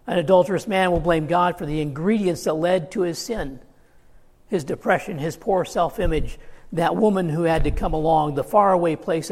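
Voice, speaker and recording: A man's voice: sits high, vocal fry, husky, big-room sound. A man preaching a sermon, earnest and emphatic, quoting scripture as he goes.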